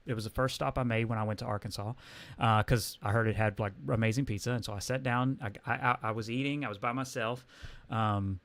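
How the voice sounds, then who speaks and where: A man's voice: mid-range voice, a bit bright, dry recording. A man from Texas with a Texan accent, telling a personal story on a livestream in a casual, rambling way, full of restarts and fillers. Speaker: comics livestream host.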